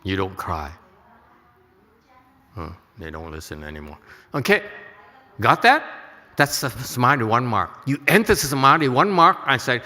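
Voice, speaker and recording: A man's voice: medium pitch, sing-song, moderate pace, long pauses, bright, forceful tone, in a large hall. A man teaching at a temple, giving a Buddhist lecture to an audience, joking and checking they follow. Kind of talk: dharma lecture.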